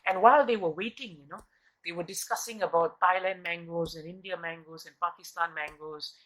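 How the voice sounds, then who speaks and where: Earnestly teaching a devotional scripture class, a man asks his audience rhetorical question after rhetorical question and repeats words to drive the message home. When storytelling, his tempo shifts between slow and quick and his phrases often fade out. His voice is on the high side, fairly even in intonation and fairly bright, and the audio is poor.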